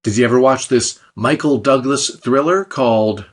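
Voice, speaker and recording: A man's voice: mid-range voice, normal speed. A man narrating a scripted language lesson, explaining step by step with light, dry jokes. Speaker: language teacher.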